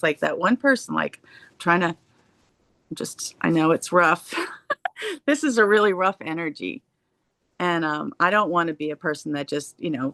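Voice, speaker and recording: A woman with a low-pitched voice rambles hopefully in a casual group talk. She muses aloud, and the sound is close and dry. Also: a bit bright, no room sound. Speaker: discussion group member.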